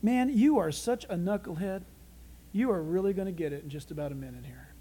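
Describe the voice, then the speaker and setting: A man voicing a scornful male angel who mutters low insults at a fool. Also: fairly quick, mellow, slightly rough, poor audio.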